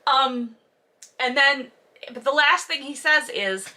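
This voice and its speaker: Woman, lisp, stutter, sarcastic commentary, sweary, bright forceful voice. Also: high voice, takes it slowly. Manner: sarcastic, profane, exasperated. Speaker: host reading and roasting a novel. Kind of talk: casual commentary.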